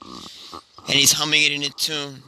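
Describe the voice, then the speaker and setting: A male rabbi tells an inspirational story with animated, repetitive phrasing. His voice is very bright and sits slightly high for a man. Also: a little slow, creaky, a little hiss or hum, poor audio.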